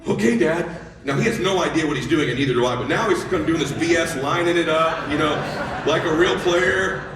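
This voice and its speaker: A middle-aged man telling a story as a motivational speaker, animated and excitable, with casual profanity. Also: on the high side, a little fast, background noise. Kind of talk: energetic storytelling speech. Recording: echoey hall, voice from far off.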